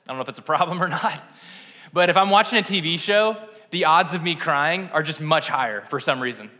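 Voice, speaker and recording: A young man preaches a chatty, conversational sermon in a church sanctuary where the sound carries a long hall reverb. His voice is on the high side, brisk, bright and forceful, and he's self-deprecating, frequently laughing at himself.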